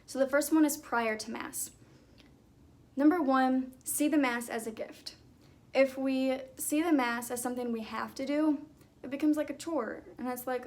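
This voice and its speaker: A woman's voice: high voice, normal speed, a little mellow. A young woman vlogger talking earnestly about her faith in a chatty, casual way, with lots of fillers. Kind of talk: casual talk to camera.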